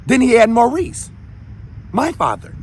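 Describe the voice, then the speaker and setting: A man's voice: extremely high pitch, wildly swooping pitch, measured pace, a little mellow, slightly rough. A man in his thirties from Minneapolis, hosting his own show in a brash, confrontational unscripted monologue with stammering restarts. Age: 30s. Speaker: show host.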